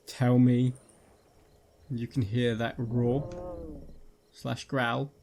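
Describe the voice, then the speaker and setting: A man's voice: mid-range voice, level tone, extremely slow, a little mellow, slight background noise. A man giving jokey live gameplay commentary, talking to his viewers while he plays, on a headset mic. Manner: jokey, jumpy, talks to viewers while playing. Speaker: gaming video creator.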